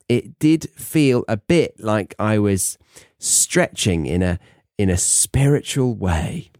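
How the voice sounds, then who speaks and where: Young british guy, host, low voice, casual self-deprecating monologue, dry close mic. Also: a little mellow, no echo. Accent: British English. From England. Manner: chatty, self-mocking, rambling asides. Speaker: podcast host. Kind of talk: casual monologue for English learners.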